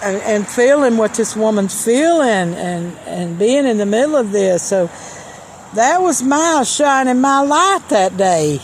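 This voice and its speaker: A woman's voice: on the high side, lively intonation, a little slow, a little hiss or hum. A middle-aged woman sharing a personal testimony and Christian encouragement, earnest and storytelling, repeating phrases for emphasis. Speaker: Christian vlogger.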